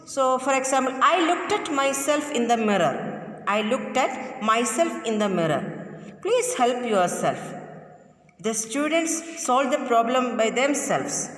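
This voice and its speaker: Woman teacher, high voice, echoey room with long reverb. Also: sing-song. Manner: repeats each sentence slowly, spells out words. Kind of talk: classroom grammar lesson.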